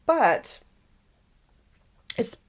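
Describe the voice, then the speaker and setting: A woman with a Southern US accent, co-hosting a podcast in casual chat and telling stories with frequent laughs. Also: drawn-out words. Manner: chatty storyteller, laughs often. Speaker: podcast co-host.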